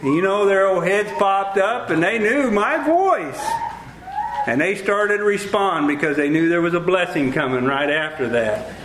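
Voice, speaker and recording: Man, high bright voice, preaching with lively stories, roomy echo. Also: moderate pace, background noise. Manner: lively storytelling with acted-out dialogue. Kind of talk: sermon with storytelling.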